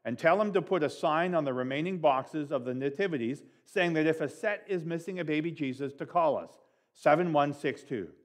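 A man voicing a firm, kindly, practical mother who talks briskly, in a read-aloud story. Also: a little high, lively intonation, close to an everyday voice.

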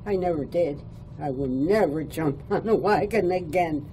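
Older woman, reminiscing, unhurried, soft mellow tone, lowish voice, faint background hiss. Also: rough recording. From born in Italy, raised in New York State. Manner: chuckles while recalling childhood stories. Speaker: oral history interviewee. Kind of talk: reminiscing storytelling. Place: adult care home.

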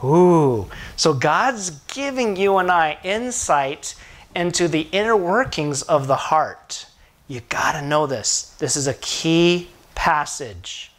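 Middle-aged male preacher, animated sermon delivery with rhetorical questions, voice on the higher side. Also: slow. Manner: animated storytelling preacher, asks the congregation questions. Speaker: pastor.

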